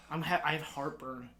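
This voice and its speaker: A young man co-hosting a podcast, telling profane high school stories in a casual, laughing way and acting out what others said. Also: bright, forceful tone, a little hiss or hum. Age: young adult. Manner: profane, laughing anecdotes with acted-out quotes. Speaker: podcast co-host. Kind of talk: casual storytelling chat.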